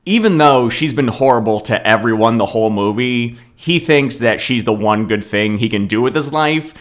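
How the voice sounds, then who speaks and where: A man on a comedy podcast, retelling a movie plot in an animated storytelling way and laughing at his own jokes. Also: mid-range voice, moderate pace, echoey room.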